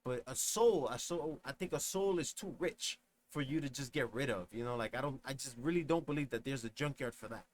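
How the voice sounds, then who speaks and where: Young man, reaction streamer, mid-pitched voice, casual slang, faint background hiss. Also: fairly quick. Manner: reflective, rambling, uses slang.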